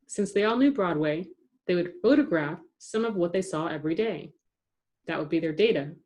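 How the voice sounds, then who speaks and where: A woman narrates a chapter book in a steady, measured way. Her voice sits a little low for a woman, and her reading stays even from line to line. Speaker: audiobook narrator. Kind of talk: scripted narration.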